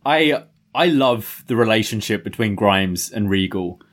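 A man's voice: lowish voice, expressive, a little slow. A man co-hosting a podcast, chatting casually with frequent laughs and hesitant restarts. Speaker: podcast co-host. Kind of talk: casual chat.

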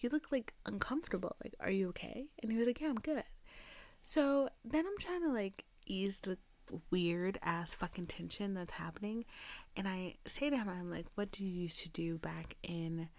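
Young woman podcast host, mid-pitched, casual storyteller who swears freely, dry close sound. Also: creaky, darkish tone, no echo. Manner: chatty, profane, reenacts dialogue with quoted voices.

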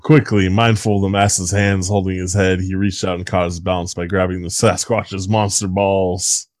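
A man with a low voice reads aloud in a deadpan, mock-serious way, as if narrating a grim tale. His voice is dry and close, with no room sound. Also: normal speed, dry recording. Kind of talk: dramatic comic reading.

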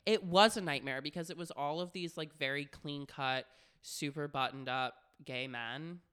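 A man's voice: fairly high pitch, normal speed, pushed and bright, clean tone. A young man co-hosting a podcast, telling frank, profane stories in casual chat with constant "like" fillers. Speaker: podcast co-host.

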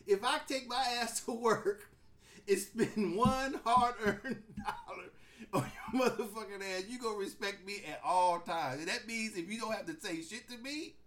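A man's voice: high-pitched, moderate pace, a bit bright. A man in his forties hosting a podcast in casual chat, telling stories animatedly, acting out quotes and laughing often. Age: 40s. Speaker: podcast host.

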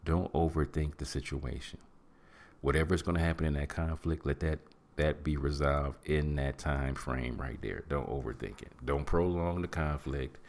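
A middle-aged man hosting a podcast, giving animated, preachy advice in casual talk and acting out what people say. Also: very deep voice, moderate pace. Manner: preachy, animated, acts out quotes and hums. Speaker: podcast host.

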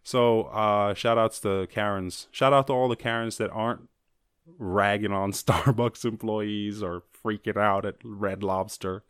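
Male solo podcast host, low voice, profane jokey riffing, dry close recording. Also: fairly even intonation, a bit bright, clear, resonant tone, no room sound. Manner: loose, profane, jokey, acts out quick voices. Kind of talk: casual comedic monologue.

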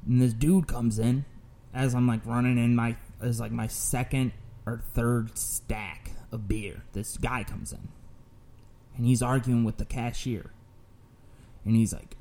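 Profane, animated male storyteller. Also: mid-range voice, unhurried. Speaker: podcast host. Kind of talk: casual storytelling.

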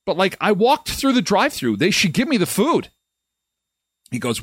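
A man's voice: high-pitched, huge pitch swings, normal speed, fairly bright tone, husky, no room sound, studio quality. A middle-aged man hosting a live daily show, telling a funny story casually. His voice jumps up when he retells the moments that annoyed him.

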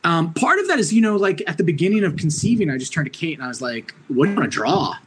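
High-voiced man, animated and laughing. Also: quick pace, a little hiss or hum, rough recording. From Orange County, New York. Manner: animated, laughs often, swears casually. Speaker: comic book writer guest. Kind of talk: casual podcast conversation.

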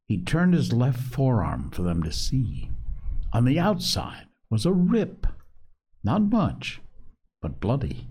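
A man narrating a novel aloud with a dramatic, expressive reading. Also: slow, slightly rough. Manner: dramatic, expressive reading with big pitch swings. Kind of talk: audiobook narration.

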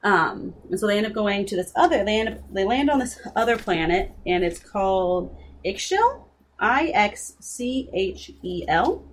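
A woman's voice: mid-range voice, big pitch swings, moderate pace, slight background noise. Rambling young woman recapping a book. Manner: rambling, filler-heavy with frequent "like". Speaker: book discussion co-host. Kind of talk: casual chat retelling a book.

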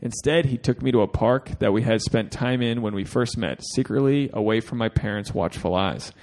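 Man, podcast co-host, gravelly, joking, crude asides while reading aloud. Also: medium pitch, normal speed, a little mellow. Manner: jokey, crude asides, gets teary. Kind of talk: casual chat, reading a listener email aloud.

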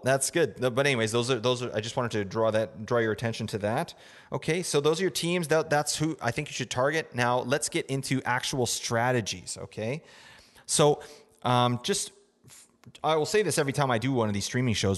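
A man's voice: medium pitch, in a large hall. A young man hosting a casual fantasy sports podcast, rambling with lots of fillers and asking "right?" often. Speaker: podcast host. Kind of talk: casual fantasy hockey advice.

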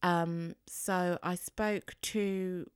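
A woman speaking in a relaxed, conversational way, recounting her own experiences. She lively mimics the people she quotes, and the sound is close and dry with no room echo. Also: on the low side, extremely slow, clear, resonant tone. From England. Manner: animated, acts out voices in quotes. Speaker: guest. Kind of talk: casual storytelling.

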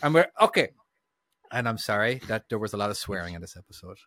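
A man's voice: lowish voice, expressive, fast talker, fairly bright tone, dry recording, clean studio sound. A man hosting a podcast in loose, sweary, casual chat. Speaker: podcast host.

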